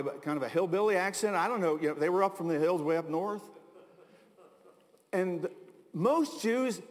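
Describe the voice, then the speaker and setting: Middle-aged American male pastor, high voice, casual storytelling sermon, hall reverb. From United States. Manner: conversational storytelling with asides and chuckles. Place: large hall.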